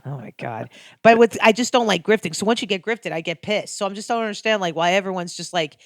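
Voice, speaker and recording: A woman tells a story on a podcast, loud and swearing freely, pushing through it with lively, animated energy. Her voice sits at an ordinary middle pitch. The sound is close and dry, with no room around it. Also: fast talker, dry recording. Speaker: comedian guest. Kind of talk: casual podcast chat.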